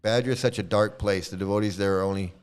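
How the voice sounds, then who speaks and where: Low-voiced man telling a rambling story. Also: steady tone, fast talker, clear, resonant tone. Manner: rambling, chuckling, restarts, mimics people he quotes. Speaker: commentary video host, former devotee. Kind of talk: casual storytelling monologue.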